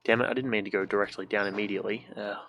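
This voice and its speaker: A man's voice: fairly low pitch, steady tone, very fast, vocal fry, fairly bright tone, slight background noise. A young man streaming a video game from a room at home, casual let's-play commentary, joking, swearing and making silly sound effects.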